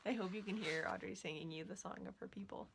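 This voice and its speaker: A woman's voice: medium pitch, quick pace, gravelly, a little hiss or hum. A woman chatting casually at home as a knitting vlogger, gushing about what she loves and breaking off to scold her dogs. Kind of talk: casual chat.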